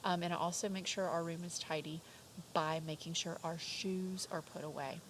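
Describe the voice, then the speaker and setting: A young woman teaching vocabulary to kindergarteners from home, slow and clear with a sing-song, drawn-out delivery. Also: lowish voice, steady tone, background noise. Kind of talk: remote vocabulary lesson for young children.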